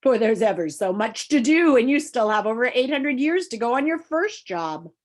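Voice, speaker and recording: A woman's voice: a little high, big pitch swings, normal speed, pitched above the performer's own voice. Woman doing a sly sneery demon guy, menacing, swoops all over the place. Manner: menacing, then soft and deceitful. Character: sly sneering male demon of petty tasks.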